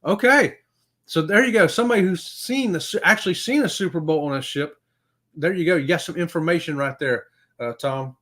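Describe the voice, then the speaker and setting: Speaking fairly quickly, a middle-aged man with a slightly high voice for a man hosts a relaxed livestream chat. His reading of viewer comments is folksy and upbeat, punctuated by frequent chuckles.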